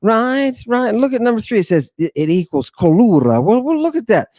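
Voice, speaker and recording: A man hosting an animated lecture on word meanings, talking emphatically in an excitable, jokey, irreverent way. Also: sits high, brisk, dry recording. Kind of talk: animated lecture to an online audience.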